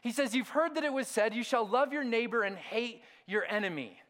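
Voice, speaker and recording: A middle-aged man delivers a sermon in a fairly high, lively voice. He tells stories with sudden loud outbursts and then drops to hushed, quiet lines. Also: a little fast. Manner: animated storytelling, swings from loud outbursts to hushed asides. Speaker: pastor.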